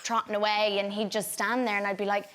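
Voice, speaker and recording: Lively Irish actress telling stories. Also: female voice, medium pitch, fast. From Ireland. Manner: animated, laughing storyteller. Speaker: guest actor. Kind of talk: chat show anecdote.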